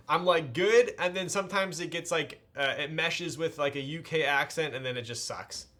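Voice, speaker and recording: A man's voice: a little high, moderate pace, bright, forceful tone. A man chatting casually with his live-stream audience while he builds a keyboard, greeting viewers in a laid-back way.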